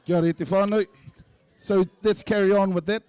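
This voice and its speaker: A man's voice: high-pitched, fairly even intonation, fairly quick, darkish tone, clean tone, dry recording. A man with a New Zealand accent gives a light-hearted eulogy in a church. He jokes about family and uses Māori words. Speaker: eulogy speaker, family member. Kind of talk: humorous eulogy speech.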